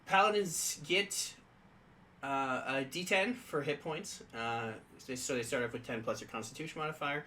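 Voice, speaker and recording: A man's voice: on the high side, moderate pace, sharp tone, slight background noise, low-quality recording. A man co-hosting a casual tabletop game podcast, reading rules aloud and chatting with many fillers. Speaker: podcast co-host.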